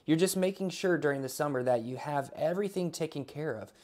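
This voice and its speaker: A man's voice: fairly high pitch, fairly quick, a little mellow. A man preaching an online sermon in a casual, conversational way, opening with a spoken prayer. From Alaska. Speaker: pastor.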